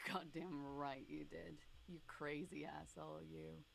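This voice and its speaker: Gravelly growling tough-guy inner voice , as a woman puts it on. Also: sits low, steady tone, slow pace, slight background noise, voice pushed down, full character voice. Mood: taunting. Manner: taunting, teasing.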